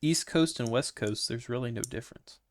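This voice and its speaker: A man's voice: mid-range voice, normal speed, slight background noise. A young man with a Midwestern American accent, co-hosting a casual podcast with dry jokey asides. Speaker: podcast co-host. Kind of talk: casual chat.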